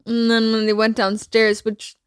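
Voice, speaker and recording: Laid-back fifteen-year-old girl, slightly high. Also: completely flat delivery, moderate pace, clean tone, no echo, clean studio sound. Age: teens. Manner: laid-back, says "literally" often. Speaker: podcast guest. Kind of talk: casual chat with her mother.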